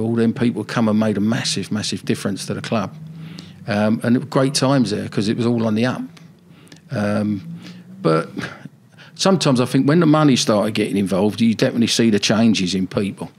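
A man's voice: on the low side, a little mellow. An older man, a former football manager, telling rambling anecdotes in a casual interview.

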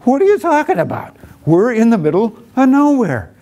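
A man's voice: fairly high pitch, big pitch swings, fast, vocal fry, mellow, lo-fi sound, full character voice. A man voicing a puzzled middle-aged businessman who keeps asking where they are going. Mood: baffled. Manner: baffled, questioning.

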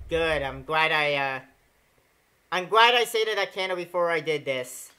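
A man hosts a horror game let's play, reading the text aloud and reacting in an animated, sweary way. His voice is bright with a lot of forward energy. Faint game music plays behind him. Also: fairly high pitch, a little slow, low-quality recording. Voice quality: animated, swears when startled. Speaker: gaming channel host.

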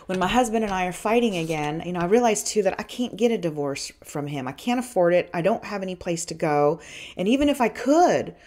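Female podcast host, middle-aged, lower register, blunt and profane confessional monologue, loose and rambling. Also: a little mellow. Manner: frank and profane, with many restarts and fillers. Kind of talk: candid personal storytelling.

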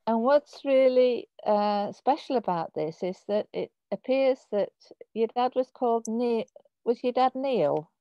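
A woman's voice: a little high, expressive, a little slow, smooth, dry recording. A woman from Birmingham with a Birmingham accent, hosting a conversation over a video call, chatty and hesitant with many ums and restarts. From Birmingham, England. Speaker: host. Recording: dull lo-fi video call audio.

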